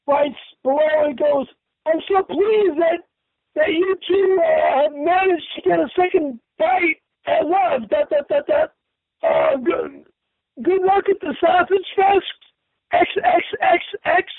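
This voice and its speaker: Angry caller type: raspy, high man spluttering profanity over a thin phone line on radio. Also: dry recording. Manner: furious, profane, stammering. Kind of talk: angry comic radio rant.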